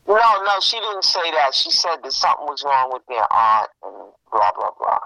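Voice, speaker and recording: A woman chatting casually with a friend, telling a story in an animated way and acting out what people said. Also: rumbling low, moderate pace, no room sound. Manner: animated storytelling, acts out quoted exchanges. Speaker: friend in a phone chat. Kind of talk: casual gossip about a funeral. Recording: muffled lo-fi sound.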